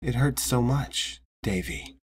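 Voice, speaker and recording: A man's voice: medium pitch, lively intonation, slow pace, husky, full character voice. A man voicing a ghostly mother in a game, reproaching her son for abandoning her. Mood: accusing. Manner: reproachful, pleading. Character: ghostly mother, wounded and accusing.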